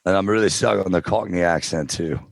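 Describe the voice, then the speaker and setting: Deep-voiced male guest, dry studio sound, easygoing storyteller. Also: a little fast, vocal fry, no room sound. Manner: relaxed storytelling, tries out character voices. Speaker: podcast guest, audiobook narrator. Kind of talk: casual interview chat.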